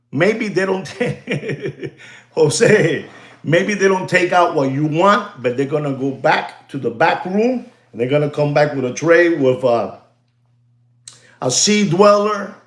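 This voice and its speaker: A man hosting a watch channel, ranting to his viewers in an animated, repetitive way and slipping into Spanish phrases. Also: sits high, roomy sound. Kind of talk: livestream rant to viewers.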